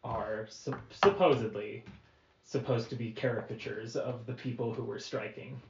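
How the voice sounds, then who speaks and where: A man's voice: mid-range voice, fairly even intonation, moderate pace, very noisy. Wry young man in a roomy room. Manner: wry, shares trivia. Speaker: podcast co-host. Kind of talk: casual chat. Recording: dull, roomy lo-fi audio.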